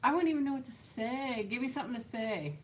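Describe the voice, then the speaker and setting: A woman hosts a casual livestream, reading and answering viewer comments, laughing often and trailing off with "so". Her voice is fairly high with lively intonation and a quick pace, and there is slight background noise.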